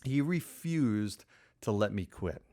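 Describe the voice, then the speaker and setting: A man's voice: on the low side, lively intonation, slow pace, mellow. A middle-aged man hosting a podcast, telling a personal story in a conversational way with lots of fillers and acted-out quotes. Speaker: podcast host.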